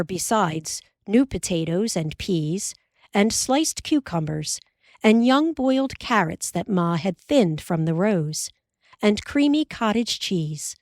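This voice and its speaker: A woman narrating an audiobook in a measured, unhurried way. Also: medium pitch, a little mellow, no echo, studio quality. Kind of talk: scripted narration.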